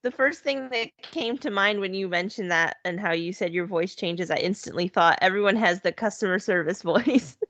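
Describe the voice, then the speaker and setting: A woman's voice: medium pitch, fairly bright tone, no room sound. A woman co-hosting a podcast, chatting casually, agreeing readily and reading items aloud. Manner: agreeable, reads quotes aloud, quick back-channel replies. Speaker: podcast co-host. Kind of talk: casual chat.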